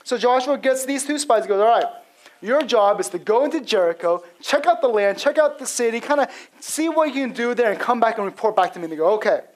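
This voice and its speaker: A man's voice: very high-pitched, lively intonation, fast, rough recording. A male pastor giving an expository sermon in a casual storytelling manner, acting out quotes with frequent fillers.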